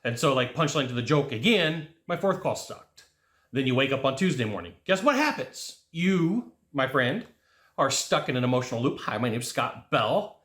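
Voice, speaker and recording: A man giving a casual, jokey motivational sales talk, acting out quotes with sudden jumps in pitch. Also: very animated, normal speed, fairly bright tone, echoey room. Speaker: sales coach.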